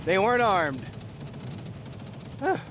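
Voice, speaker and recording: A man giving excited, casual commentary over his own gameplay, out of breath, laughing often and talking to himself as the action swings. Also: high-pitched, takes it slowly, background noise. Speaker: gaming streamer.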